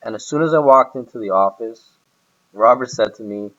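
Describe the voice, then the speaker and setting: A man with a mid-range, fairly bright voice speaks briskly about his boss in a casual recorded conversation, rambling with lots of hesitations and restarts. The audio sounds dull.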